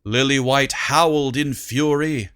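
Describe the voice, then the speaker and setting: An audiobook narrator reading a comic storybook in a measured, unhurried way. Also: mid-range voice, fairly even intonation, fairly bright tone, clear, resonant tone.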